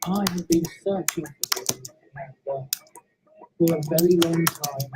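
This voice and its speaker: A woman voicing a grim, calm male ghost engine who speaks slowly in a low, solemn tone. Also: very noisy.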